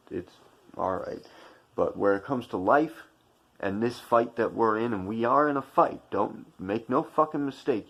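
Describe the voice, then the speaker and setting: A man's voice: sits low, gravelly. A man delivering a heated, profane opinion monologue to his viewers, preachy and confrontational. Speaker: channel commentator.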